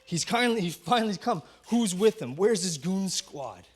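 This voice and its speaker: A man's voice: sits high, moderate pace, breathy edge, heavily acted. A man doing a gleeful cheering synagogue crowd. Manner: excited, mocking cheers.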